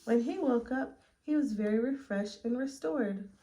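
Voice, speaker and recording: A woman reading a picture book aloud to children at story time, gently asking them questions along the way. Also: a little high, normal speed, low-quality recording. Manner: gentle, asks listeners questions.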